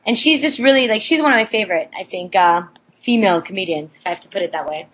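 A woman's voice: medium pitch, fairly bright tone, breathy edge. A woman co-hosting a podcast, chatting casually and candidly, swearing freely. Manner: candid, swears, quick to laugh. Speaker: podcast co-host.

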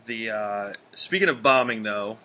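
A man's voice: fairly low pitch, lively intonation, unhurried, bright, forceful tone. A man co-hosting a podcast, chatting casually and animatedly, often restarting his sentences. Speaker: podcast co-host.

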